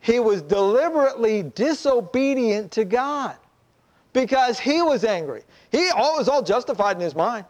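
A man preaching a sermon, telling a story in an animated way and acting out the voices of the people in it. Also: very high-pitched, normal speed. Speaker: pastor.

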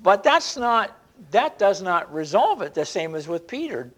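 A man preaching an expository sermon, animated, slowing down to stress scripture quotes and often restarting his sentences. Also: sits high.

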